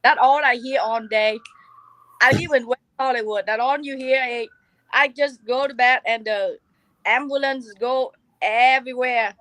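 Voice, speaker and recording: A woman guest in casual chat, talking in halting, filler-heavy broken English. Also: on the high side, a bit bright, no room sound, poor audio.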